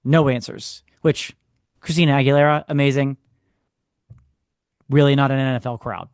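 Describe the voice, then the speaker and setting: A man, co-hosting a podcast, telling a story in a casual, animated way with sarcastic asides. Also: mid-range voice, moderate pace, clean tone, no room sound, clean studio sound. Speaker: podcast co-host. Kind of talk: casual chat.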